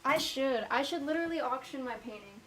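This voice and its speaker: High-voiced woman rambling to herself. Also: animated, fairly quick, low-quality recording. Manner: rambling, self-mocking, thinks out loud. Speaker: vlogger. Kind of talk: casual chat to herself while painting.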